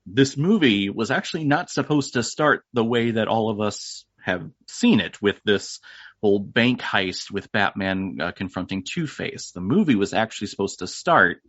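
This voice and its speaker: A man's voice: fairly low pitch, animated, moderate pace, fairly bright tone, no echo. A man hosting a podcast who explains things casually and speaks straight to the listener. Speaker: podcast host. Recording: dull, lo-fi dry sound.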